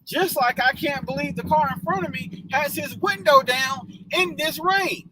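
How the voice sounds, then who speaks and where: A man hosting a motivational live stream in casual chat, animated and joking, laughing often. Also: extremely high pitch, a little slow, hardly any pauses, slight background noise, rough recording.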